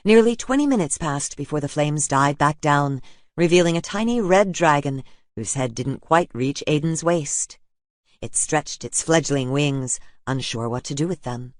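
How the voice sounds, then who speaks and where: A man reading a fantasy audiobook in a steady, even narration. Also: a little high, unhurried, no echo, clean studio sound.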